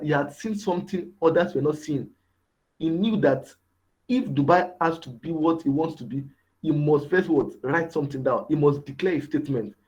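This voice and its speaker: A man with a slightly high, somewhat mellow voice delivers a motivational mentorship lecture on a dull, lo-fi recording, asking rhetorical questions and repeating key words for emphasis.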